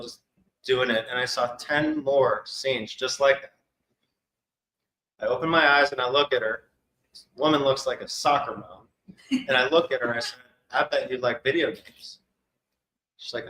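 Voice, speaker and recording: A man with a bright, forward voice tells an animated personal story to a live audience and slips into the voices of the people he quotes. He sounds like he is in a roomy hall with clear echo. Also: medium pitch. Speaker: psychic medium speaker. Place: expo hall.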